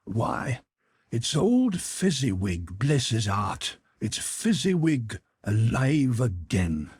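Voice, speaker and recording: A man doing a husky, wistful old miser. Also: on the low side, big pitch swings, slow, dry recording, studio quality, heavily acted. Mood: excited.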